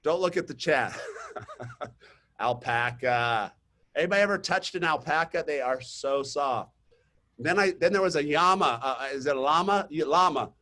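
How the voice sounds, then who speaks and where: A man coaching real estate agents in a webinar, telling chatty stories to the audience and pitching his program. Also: expressive, moderate pace, pushed and bright. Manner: chatty storytelling, talks straight to the audience. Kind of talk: webinar presentation with sales pitch. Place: online webinar.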